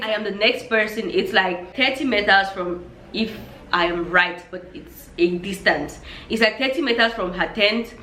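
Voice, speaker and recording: A woman vlogger telling a story in a lively storytime vlog, acting out her own reactions as she goes. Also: medium pitch, reverberant, a little hiss or hum.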